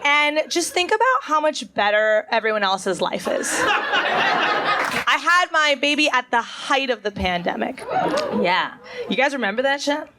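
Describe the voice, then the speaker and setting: A woman in her thirties doing a dry, unhurried stand-up set on a club stage, chatting with the crowd on a handheld mic. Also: sits high, big pitch swings, heavy background noise. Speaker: stand-up comedian. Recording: live stage recording, loud audience.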